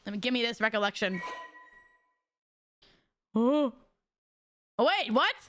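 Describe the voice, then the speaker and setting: Excitable woman streamer, high, very bright voice, giggly commentary, faint game music behind. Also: unhurried. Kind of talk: game let's play commentary.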